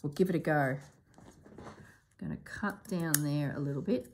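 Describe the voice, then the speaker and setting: A woman hosting a sewing vlog who thinks aloud as she works, musing to herself in a soft, half-whispered voice. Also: deep voice, moderate pace, a little hiss or hum. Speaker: sewing channel host.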